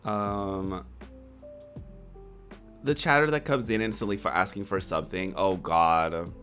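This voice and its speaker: A streamer in their twenties chatting casually to a live chat, playful and quick to laugh. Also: deep voice, fairly bright tone, soft background music. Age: 20s.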